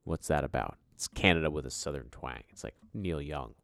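A man hosting a casual fantasy football podcast, joking and swearing, often trailing off quietly. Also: rumbling low, a little fast, creaky, no echo, clean studio sound. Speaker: podcast host. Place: home basement.

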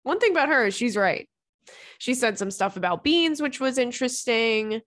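A woman's voice: a little high, animated, moderate pace, fairly bright tone, no room sound. A young woman hosting a podcast in casual chat, talking frankly and chattily and swearing freely. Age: young adult. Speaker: podcast host.

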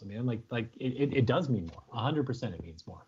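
A man from North America, chatting as the guest in an interview, telling animated stories full of fillers. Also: medium pitch, quick pace, slightly rough, dull audio. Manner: animated storyteller, many fillers. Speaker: author guest. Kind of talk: casual interview chat.

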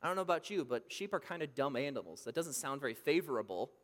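A man preaching a sermon, emphatic, swinging between loud bursts and hushed asides. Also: mid-range voice, sing-song, fast talker. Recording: long reverb from a hall.

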